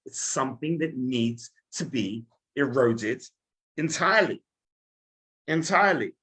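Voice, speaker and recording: A man teaching as a rabbi in a lively sermon, telling stories and speaking straight to his listeners. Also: medium pitch, unhurried, a little hiss or hum. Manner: animated storytelling, addresses listeners directly.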